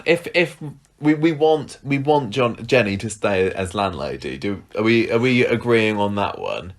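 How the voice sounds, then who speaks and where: A man's voice: on the low side, expressive, a little slow. A man co-hosting a podcast, thoughtful and opinionated, laughing easily. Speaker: podcast co-host. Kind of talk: casual chat.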